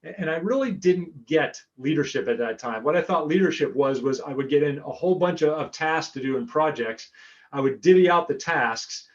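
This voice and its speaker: A man's voice: fairly high pitch, animated, normal speed, lo-fi sound. An American man giving a chatty talk as guest speaker over a remote call, often repeating words as he goes. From United States. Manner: chatty, repeats words while finding his thread. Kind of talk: webinar presentation. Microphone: remote call audio.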